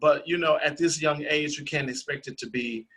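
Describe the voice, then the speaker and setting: Man on a video call, bright voice kinda high, keeps repeating nice stuff to a student. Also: normal speed. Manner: encouraging, repeats himself. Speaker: guest opera singer giving feedback. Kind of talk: casual video call feedback.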